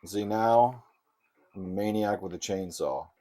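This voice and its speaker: A man giving casual, sarcastic commentary while playing old console games, with loud outbursts. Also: lowish voice, measured pace. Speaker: gamer.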